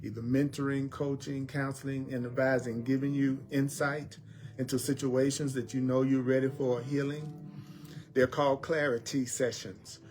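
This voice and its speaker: A man gives a spiritual teaching talk in a mid-range voice, repeating each affirmation slowly and deliberately. Soft music plays faintly underneath. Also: mid-range voice, level tone. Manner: slow, deliberate repetition of affirmations.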